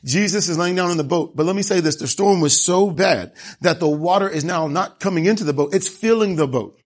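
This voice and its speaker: Animated male preacher, slightly high voice. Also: brisk. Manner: animated storytelling with rhetorical questions. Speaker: pastor. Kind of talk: sermon.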